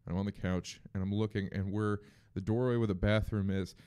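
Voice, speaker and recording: A man with a low, smooth and resonant voice, talking as a guest on a podcast. He tells rambling stories in a casual way, peppered with swearing. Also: fairly even intonation, brisk, mellow. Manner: profane, rambling storyteller. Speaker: comedian guest. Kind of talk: casual chat.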